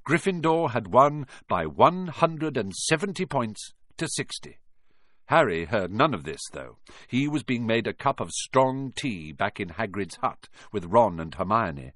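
A man reading a storybook aloud, dramatic and expressive. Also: medium pitch, unhurried, no room sound, studio quality. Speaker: audiobook narrator. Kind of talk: storybook narration.

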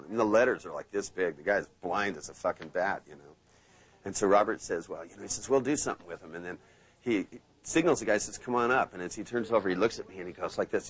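A man leads a live seminar in a low, slightly husky voice. He mixes playful anecdotes with instruction. When demonstrating suggestions he drops into a slow, hypnotic delivery. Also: poor audio. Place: seminar room with live audience.

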